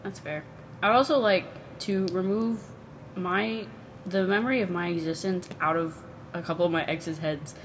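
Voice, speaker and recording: A young woman co-hosting a podcast in casual chat, playful and giggly, often trailing off into soft mumbles. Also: fairly low pitch, moderate pace, a little hiss or hum. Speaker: podcast co-host.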